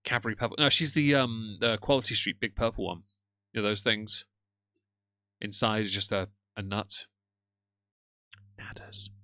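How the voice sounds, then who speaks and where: A livestream host with a lowish, steady voice talks casually and mockingly to viewers, greeting chat with sardonic asides. His delivery is bright, forceful and smooth at a moderate pace, with long pauses and no echo. He wears headphones and moderates chat from a phone.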